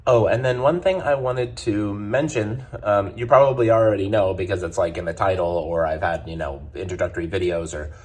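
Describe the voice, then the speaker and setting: A man's voice: lowish voice, a little fast, few pauses, darkish tone. A man, a travel vlogger, chatting casually to his viewers at a hotel, rambling with lots of fillers and restarts. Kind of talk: casual chat to camera.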